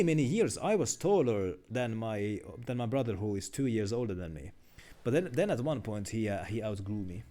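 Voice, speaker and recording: A man's voice: mid-range voice, dark tone. A man streaming a video game, chatting casually and rambling with lots of fillers.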